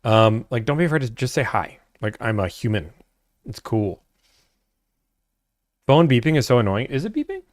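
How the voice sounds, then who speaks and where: A man's voice: medium pitch, sing-song, moderate pace, long pauses, no room sound, clean studio sound. A young man hosting a casual livestream, reading viewer chat aloud and answering in a laid-back, chatty way.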